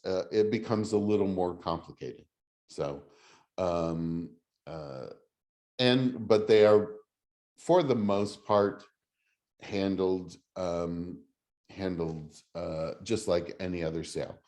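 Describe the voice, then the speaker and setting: A middle-aged man leading a real estate class, talking slowly in a fairly low voice. He teaches casually and haltingly, full of ums and restarts. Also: mellow. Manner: halting, many fillers and restarts. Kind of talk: casual teaching over video call.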